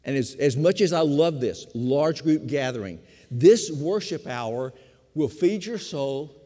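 An older man, a pastor of fifty years, preaching a sermon with emphatic repetition, slowing for stress and speeding through asides. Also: on the high side, animated, warm tone. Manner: emphatic preaching, repeats key phrases, shifts between slow stress and quick asides. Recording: long hall reverb.

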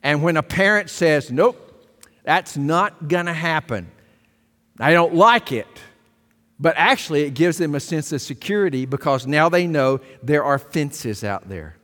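A man's voice: fairly high pitch, expressive, moderate pace. Emphatic male preacher in a reverberant hall. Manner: emphatic preaching, rising to loud exclamations. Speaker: pastor. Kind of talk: sermon. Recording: long reverb of a large hall.

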